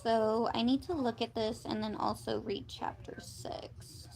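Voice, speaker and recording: Woman streamer rambling to her chat while studying, kinda gravelly, bit high. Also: steady tone, a little slow, hardly any pauses, rough recording. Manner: rambling self-talk, drops to whispers.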